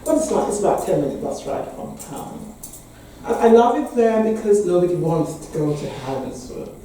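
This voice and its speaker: A woman's voice: lowish voice, lively intonation, normal speed, mellow, a little hiss or hum. A woman in her sixties with an English accent, a parish priest giving a candid, wry talk with frequent laughter. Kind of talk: speech to a meeting. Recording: echoey hall from far off.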